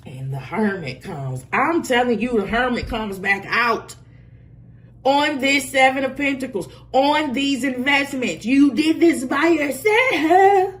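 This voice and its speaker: A woman talks through a tarot spread in a casual, unscripted way. Her voice sits slightly high and moves a lot in pitch. She is blunt, swears freely and laughs easily. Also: a little slow. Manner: animated, blunt and profane, laughs often. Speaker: tarot reader. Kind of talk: casual spoken tarot reading.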